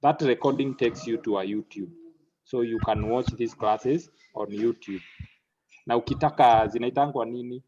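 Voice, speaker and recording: A man teaches an online class at a middling pitch. He halts, repeats words and drops into Swahili now and then. The audio is muffled and lo-fi. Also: normal speed, a little mellow, slight background noise. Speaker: lecturer.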